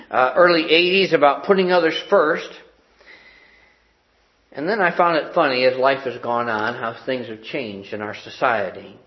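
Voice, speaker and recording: A man's voice: a little high, reverberant, highs cut off. A man in his sixties preaching a sermon, an earnest pastor who tells stories vividly. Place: church sanctuary.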